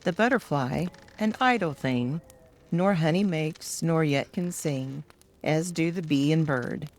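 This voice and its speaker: An older woman gently reading children's poems aloud at bedtime, soft-spoken and calm. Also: sits low, a little slow, slight background noise. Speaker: storyteller.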